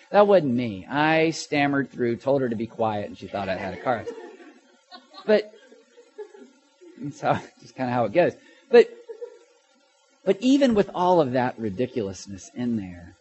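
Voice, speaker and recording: This pastor, a middle-aged man, delivers a sermon built around a personal story, his animated telling swinging between loud and hushed. He stammers and restarts along the way, and his slightly high voice comes through lo-fi audio.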